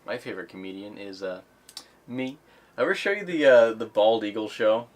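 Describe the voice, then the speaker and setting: A man's voice: lowish voice, expressive, moderate pace, muffled recording. A man hosting a podcast in casual chat, rambling with many fillers and restarts. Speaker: podcast host.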